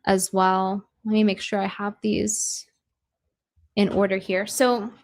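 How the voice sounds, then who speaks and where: A woman's voice: mid-range voice, little pitch movement, slow pace. A woman co-hosting a livestream, chatty and sarcastic, with lots of fillers. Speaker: livestream co-host. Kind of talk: casual livestream commentary.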